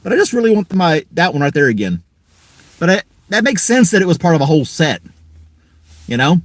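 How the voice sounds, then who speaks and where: A man's voice: on the high side, very animated, brisk, dry recording. Easygoing man rambling on a live stream. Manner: rambling, easygoing, chuckles often. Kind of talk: casual live-stream chat.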